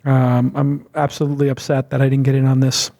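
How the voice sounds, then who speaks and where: A man's voice: medium pitch, completely flat delivery, fairly quick, mellow. A man hosting a podcast interview, chatty and self-mocking, telling stories in a casual way. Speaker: podcast host.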